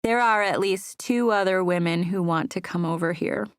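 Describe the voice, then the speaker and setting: A woman's voice: lowish voice, normal speed, no room sound, studio quality, natural voice. A woman voicing a playful young woman working behind a bar, teasing a customer.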